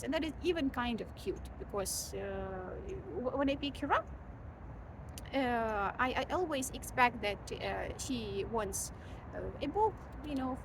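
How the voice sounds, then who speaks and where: A woman's voice: on the high side, noisy background. A tired, sleep-deprived woman, a mother of a baby, chatting casually and candidly to her vlog viewers with many fillers and restarts.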